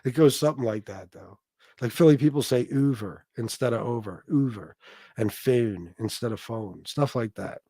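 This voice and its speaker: A man's voice: mid-range voice, brisk, creaky, breathy edge, no echo. Guy on a livestream reading chat, blunt and sweary, rants a lot, dry sound. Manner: blunt, profane, animated rants. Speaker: livestream host.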